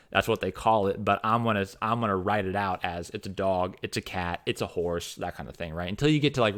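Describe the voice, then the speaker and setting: A man's voice: on the low side, fairly bright tone. A man, a fantasy author giving his opinions in a rambling, casual monologue full of restarts and fillers.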